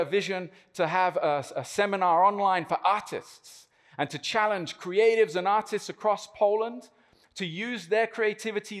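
A man's voice: sits high, in a large hall. A man who works as a missionary, praying and then giving an earnest testimony with emphatic repetition.

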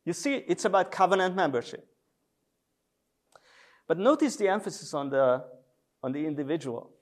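A man lecturing on theology in a measured, deliberate way, with frequent hesitation sounds. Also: fairly high pitch, animated. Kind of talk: theological lecture with scripture readings.

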